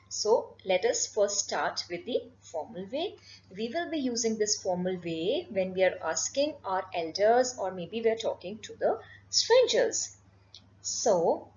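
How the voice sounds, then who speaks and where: A woman teaching a French lesson, speaking slowly and carefully and repeating each phrase for her students. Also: medium pitch, darkish tone, dull audio. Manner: slow, careful, repeats words. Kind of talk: classroom lesson.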